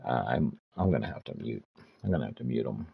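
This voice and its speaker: A man's voice: rumbling low, lively intonation, fast, gravelly, husky, narrow, tinny audio. A man in his fifties streaming a game, ranting and swearing as he tells stories in casual chat. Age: 50s. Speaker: gaming streamer.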